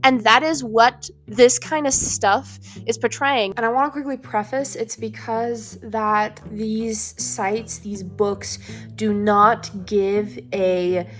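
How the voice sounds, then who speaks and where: A woman in her twenties giving a heated, indignant rant to camera, blunt and swearing. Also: medium pitch. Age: 20s. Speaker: vlogger. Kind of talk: ranting commentary to camera. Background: faint background music.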